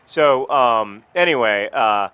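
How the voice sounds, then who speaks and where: A video blogger chats casually about his past while playing a video game, rambling and breaking into frustrated outbursts at the game. His medium-pitched voice is animated, slow, pushed, bright and smooth.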